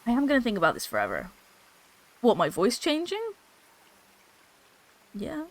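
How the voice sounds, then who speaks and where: A bubbly woman streaming a game chats casually into an old desktop mic, laughing frequently and swearing freely. Her voice is on the high side with wildly swooping pitch, at a moderate pace.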